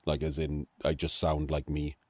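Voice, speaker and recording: Sick, coughing Welsh man, very deep. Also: level tone, normal speed, a little mellow, no room sound. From Wales. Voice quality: nasal, throaty. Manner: chatty, self-deprecating asides. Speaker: game analyst. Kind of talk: casual game commentary.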